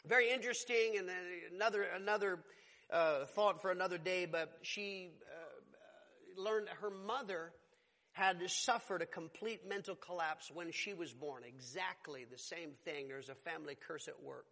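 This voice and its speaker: A man preaching a sermon as a pastor, emphatic and rising to loud exclamations. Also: high-pitched, moderate pace, creaky. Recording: long hall reverb.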